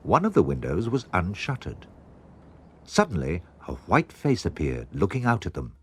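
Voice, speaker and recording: A man narrating a children's storybook in an expressive, measured way. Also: low voice, breathy edge. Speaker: audiobook narrator.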